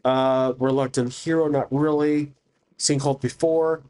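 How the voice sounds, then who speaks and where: A man's voice: mid-range voice, fairly even intonation, measured pace, darkish tone. A man narrating a solo tabletop game, thinking aloud hesitantly with many restarts.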